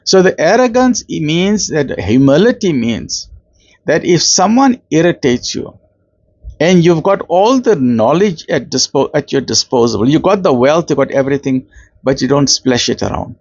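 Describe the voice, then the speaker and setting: Brief: South African male lecturer, fairly high voice, conversational religious talk, dry and dull recording. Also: big pitch swings, normal speed, a little mellow, no room sound. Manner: conversational, acts out quoted voices, uses Arabic terms. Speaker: Islamic lecturer.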